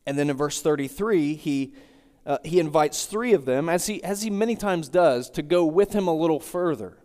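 A man's voice: on the high side, lively intonation, moderate pace, dark tone. A man preaching an expository sermon, walking through a text verse by verse and circling back with repeated phrases. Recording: long hall reverb.

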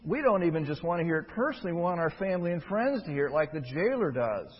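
A man preaching a sermon, emphatic, rising from quiet stretches to loud, forceful peaks. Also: on the high side, big pitch swings, fast, slightly rough. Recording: dull, lo-fi with long hall reverb.

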